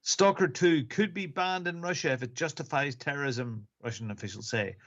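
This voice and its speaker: A man's voice: a little high, moderate pace, a bit bright, dull audio. A man presenting gaming news on a podcast, slipping wry joke lines into the reports. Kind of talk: reading gaming news with jokey asides. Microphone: computer mic on a live stream.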